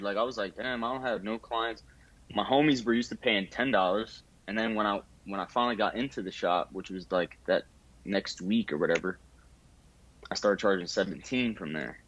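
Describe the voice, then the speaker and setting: A man's voice: lowish voice, fairly bright tone, muffled recording. Laid-back young man telling his story. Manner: laid-back, many fillers, acts out quoted voices. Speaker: barber. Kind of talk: casual storytelling interview.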